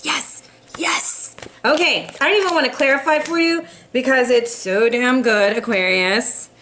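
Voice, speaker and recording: Young woman, high voice, tarot reader, sassy and playful, laughs a lot. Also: animated, unhurried, fairly bright tone. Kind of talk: casual tarot reading.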